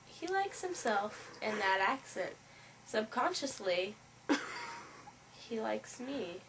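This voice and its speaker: A woman's voice: on the high side, sharp tone. A woman speaking in a smug, matter-of-fact way, answering an interviewer and sometimes drawing her words out. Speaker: comedic confessional speaker. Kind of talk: deadpan mock interview. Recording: faint background noise.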